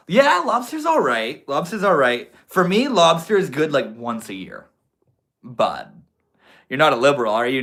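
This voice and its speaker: A man's voice: mid-range voice, sharp tone. Laid-back Maine man hosting a livestream. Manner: laid-back, slangy, calls viewers homie and bro. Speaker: livestream host. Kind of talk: casual livestream chat reading comments.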